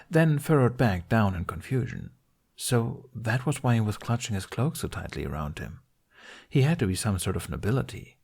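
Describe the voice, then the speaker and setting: A man with a fairly low voice reading a fantasy fan story aloud. His delivery is measured and steady, in a storytelling style. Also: gravelly, breathy edge. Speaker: fan fiction reader. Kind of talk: podfic narration.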